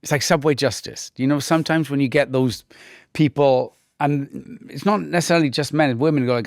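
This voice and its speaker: A man's voice: mid-range voice, a little fast, dry recording, studio quality. A Welsh man in his forties talking through an interview in a thoughtful, conversational way, often restarting sentences. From Wales. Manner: thoughtful, with frequent restarts and mimicked voices. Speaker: actor, interview guest.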